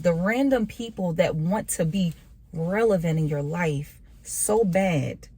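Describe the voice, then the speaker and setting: A woman's voice: on the low side, slow, warm tone, breathy edge. Earnest woman giving a motivational talk. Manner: earnest, repetitive, preacher-like emphasis. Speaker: faith vlogger. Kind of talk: casual motivational talk to camera.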